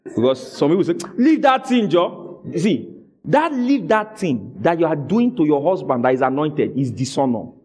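Animated, high-pitched preaching man. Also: normal speed, faint music behind. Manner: animated preaching with acted-out dialogue. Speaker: pastor. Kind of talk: sermon.

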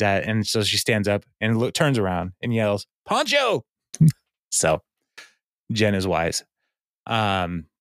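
A man's voice: lowish voice, fairly bright tone, smooth, no echo, clean studio sound. A man co-hosting a podcast, casually retelling a sitcom episode by quoting the characters, with fillers and laughs along the way. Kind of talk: casual chat.

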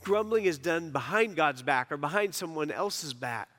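A male pastor delivers a sermon in a slightly higher voice, building to emphatic peaks and then dropping to quiet, personal asides. His voice carries a long reverb from a church sanctuary. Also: animated, moderate pace.

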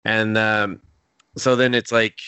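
Laid-back low-voiced man recapping casually. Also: level tone, slow, bright, forceful tone, smooth, no room sound. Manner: laid-back, swears freely, acts out characters' lines mid-recap. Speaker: podcast co-host. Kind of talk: casual anime recap chat.

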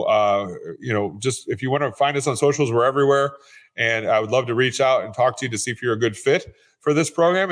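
A man who invests in real estate, a podcast guest telling stories in an earnest, conversational way and often repeating words as he starts a sentence. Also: mid-range voice. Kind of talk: conversational storytelling.

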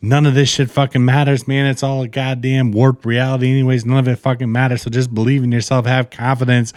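A man's voice: medium pitch, level tone, fast, darkish tone, dry recording. A man co-hosting a casual podcast, slurring a little as he rants in a profane, fired-up pep talk. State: slightly slurring, tipsy. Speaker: podcast co-host.

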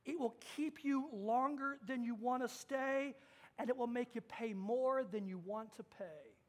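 Male pastor, very high voice, animated storytelling sermon. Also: unhurried. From Kansas. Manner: storytelling with acted-out quotes, swings from hushed to loud.

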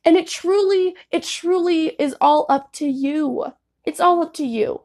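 A woman's voice: very high-pitched, a little slow, a little mellow. A young woman giving candid, casual advice to her viewers, swearing freely and saying "like" a lot. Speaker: vlogger.

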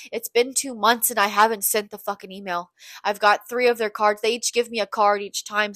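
A woman's voice: a little high, a little fast, sharp tone, no echo, clean studio sound. A young woman hosting a podcast, talking in a blunt, candid, profane confessional monologue. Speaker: podcast host.

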